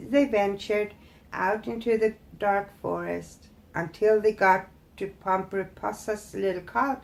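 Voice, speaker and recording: A woman in her thirties narrating a fairytale in a gentle, playful storybook manner. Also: medium pitch, slow, gravelly. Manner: gentle, playful storybook telling with voiced characters. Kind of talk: fairytale read-aloud narration.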